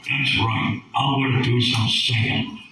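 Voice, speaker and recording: A man's voice: mid-range voice, steady tone, a little slow, music in the background, pitched below the performer's own voice, lightly acted. A ventriloquist voicing a brash, wisecracking male bird puppet that heckles the crowd and croons in snatches on a bar stage. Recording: echoey club from far off, noisy.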